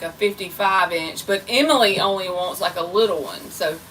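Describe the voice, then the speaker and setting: A tarot reader rambles casually on a livestream, talking directly to her viewers. Her voice is fairly low, picked up by a distant mic with background noise.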